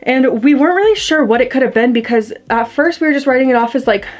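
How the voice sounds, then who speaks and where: With a high-sitting voice, lively intonation and a fast pace, a young woman vlogger rattles off a ghost story to her camera as faint music plays. Her chatty, rambling telling is heavy on "like" and fillers, picked up on a camera mic.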